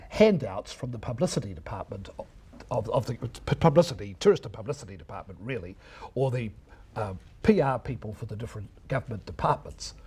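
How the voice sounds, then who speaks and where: An older man lectures broadcasting students about his early radio days. His husky voice rises and falls with lively, animated pitch as he slips into impressions of stiff old announcers. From New Zealand. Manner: anecdotal, mimics old announcers, chuckles often. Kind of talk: reminiscing lecture.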